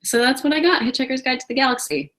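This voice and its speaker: A woman's voice: sits high, very animated, quick pace, fairly bright tone, slight background noise. A woman co-hosting a film podcast in casual chat, rambling through stories and animatedly quoting herself. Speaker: podcast co-host.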